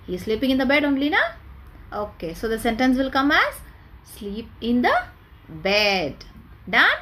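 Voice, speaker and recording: A woman's voice: high voice, sharp tone. A woman teacher giving a classroom lesson to children, drawing out her words and quizzing them with repeated questions. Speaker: school teacher.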